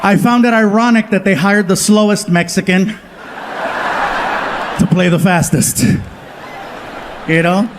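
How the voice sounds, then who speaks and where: A man doing stand-up, telling stories in an animated way and jumping into quick voices for the people in them. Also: sits high, crowd noise, noisy background. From Southern California. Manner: animated, acts out family and friends in quick voice switches. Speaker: stand-up comedian. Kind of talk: stand-up storytelling. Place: comedy stage before a live audience.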